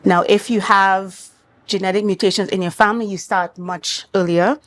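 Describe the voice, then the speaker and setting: On a morning talk show, a woman doctor with a Trinidad and Tobago accent gives careful, clinical explanations. Her voice sits in the mid range with fairly even intonation.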